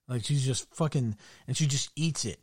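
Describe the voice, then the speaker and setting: A man in casual chat, telling crude stories with glee and dropping his voice low for the punchlines. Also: normal speed, darkish tone, slightly rough, no room sound, studio quality. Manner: crude, gleeful storytelling, drops voice low for punchlines.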